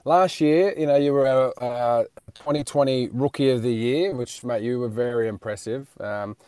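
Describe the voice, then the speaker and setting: A man's voice: medium pitch, normal speed, darkish tone, clean tone, no room sound, clean studio sound. An Australian man co-hosting a sports radio show from his car, chatty and matey, with frequent laughs. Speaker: co-host and player. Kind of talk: casual radio chat.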